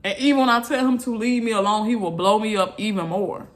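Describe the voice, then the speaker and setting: A woman's voice: medium pitch, brisk. A woman vlogger, venting bluntly and repeating herself in an exasperated rant to her viewers.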